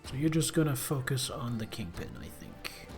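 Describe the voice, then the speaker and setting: A man streaming a game live, chatting through his turns and breaking into excited outbursts. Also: medium pitch, moderate pace, vocal fry, soft background music. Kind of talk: live gameplay commentary.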